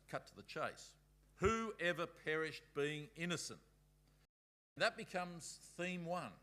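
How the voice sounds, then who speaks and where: A man's voice: on the high side, sharp tone. A man speaking at a Bible school, giving a conversational talk and reading passages aloud.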